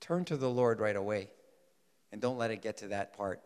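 A man preaching a sermon in an animated way, swinging between loud emphasis and soft asides. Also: lowish voice, normal speed, clear, resonant tone. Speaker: pastor. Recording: long hall reverb.

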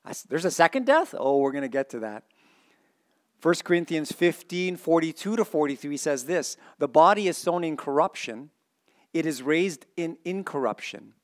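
A male preacher with a slightly high voice delivers a sermon to his congregation. He reads the verses aloud, throws questions out to the pews and goes from excited bursts to hushed, earnest repetition. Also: normal speed. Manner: animated, swings from excited shouting to quiet earnest emphasis. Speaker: pastor.

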